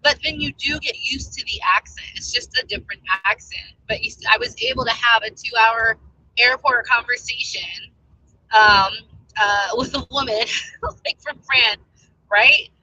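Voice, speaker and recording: A woman's voice: a little high, unhurried, sharp tone, breathy edge, no room sound, rough recording. An American woman talking casually as a travel vlogger, rambling and chatty with many fillers. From United States. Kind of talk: casual chat.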